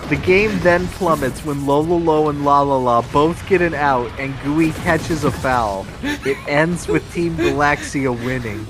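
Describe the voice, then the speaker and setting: A man's voice: on the high side, a little slow, music in the background. A man playfully reading a comedic fan fiction aloud, breaking into character voices.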